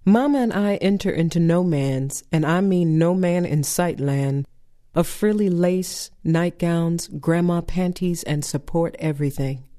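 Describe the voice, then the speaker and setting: A woman's voice: fairly low pitch, a little slow, mellow. A woman poet performing a spoken-word poem with a dry, sardonic, rhythmic delivery.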